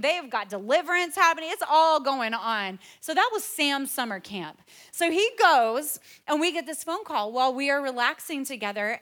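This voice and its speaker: A woman pastor in her forties delivers a sermon to her congregation. Her voice sits high and sounds bright and forceful. She is animated and often breaks into acted-out quotes and laughter. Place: church auditorium.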